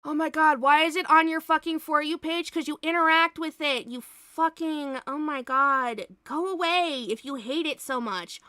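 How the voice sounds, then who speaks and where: High-voiced, slow-talking woman streamer. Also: bright, forceful tone, no echo, clean studio sound. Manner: blunt, swears freely, laughs often. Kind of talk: casual live-stream chat.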